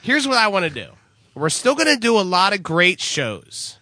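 A man with a high, very animated voice rambles excitedly through a casual podcast chat, tripping over his own words. His tone is bright and pushy, recorded close and dry with no room sound. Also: normal speed, dry recording. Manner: excitable, rambling, stammering pitchman. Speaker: podcast co-host.

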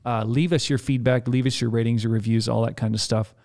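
A man's voice: mid-range voice, fast, creaky. A man co-hosting a casual Christian podcast, chatting easily and reading listener feedback aloud. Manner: relaxed, reads listener comments aloud. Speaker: podcast co-host.

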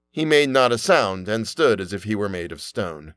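A man narrating a fairy tale in an animated storybook reading. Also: lowish voice, moderate pace, hardly any pauses, dry recording.

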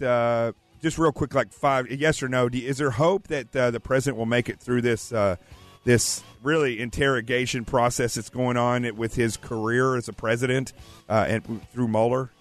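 A man's voice: mid-range voice, fairly even intonation, normal speed, soft background music. A man from the American South filling in as a talk radio host, chatting and joking in the studio while nursing a cold. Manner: joking, chatty, plugs his book. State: has a cold. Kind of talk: casual talk radio banter. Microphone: studio microphone.

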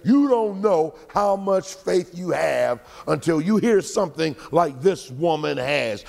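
A man preaching in a church sanctuary, his voice high and gravelly. He talks slowly and swings widely in pitch, breaking into shouts and drawn-out words. A long hall reverb trails behind him. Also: lively intonation. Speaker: pastor. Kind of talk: sermon.

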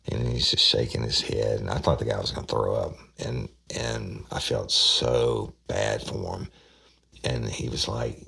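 A man's voice: extremely low pitch, expressive, moderate pace, creaky, sharp tone, breathy edge. A middle-aged man, a retired detective telling an old case in plain, rambling speech full of quoted dialogue. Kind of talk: casual spoken true-crime storytelling.

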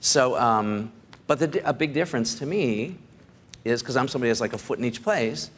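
A man's voice: mid-range voice, lively intonation, brisk, fairly bright tone, a little hiss or hum. A middle-aged man, a photographer, giving a casual talk to a studio audience in a rambling, conversational way, often checking in with "right?".

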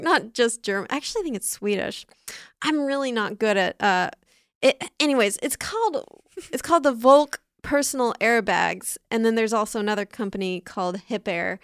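A woman's voice: high voice, a bit bright, smooth, no room sound, studio quality. A young woman co-hosting a casual comedy podcast, rambling and giggly. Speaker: podcast co-host.

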